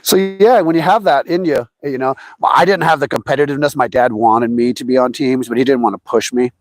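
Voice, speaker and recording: A man's voice: mid-range voice, fairly quick, no room sound. Middle-aged man rambling through stories. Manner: rambling and anecdotal, lively voices for quotes. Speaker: fishing livestream host. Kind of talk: casual storytelling chat.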